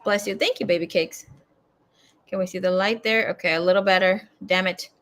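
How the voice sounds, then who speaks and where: A woman's voice: medium pitch, fairly even intonation, brisk. Chatty swearing woman tarot reader. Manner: chatty, swearing, rambling asides; swings between loud bursts and quiet mumbling. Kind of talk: casual live tarot reading.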